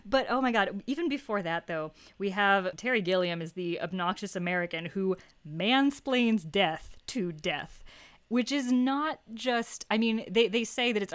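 Smooth-voiced chatty woman. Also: medium pitch, expressive, a little slow. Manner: chatty and reflective, often laughing. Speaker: podcast co-host. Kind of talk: casual film discussion.

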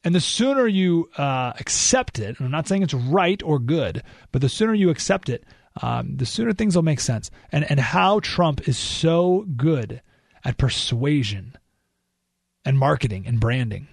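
A man hosting a political talk radio show, animated and exclamatory, thinking aloud with frequent restarts. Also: a little high, a little slow, gravelly, no room sound, studio quality. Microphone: studio microphone.

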